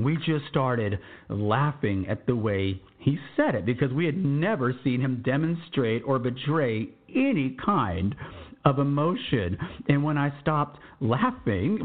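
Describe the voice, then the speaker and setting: A man in his fifties from Texas, telling his own war memories in a conversational, digressive way with many asides. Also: mid-range voice. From San Antonio, Texas. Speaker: veteran podcast storyteller. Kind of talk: first-person war storytelling. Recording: tinny phone-like sound.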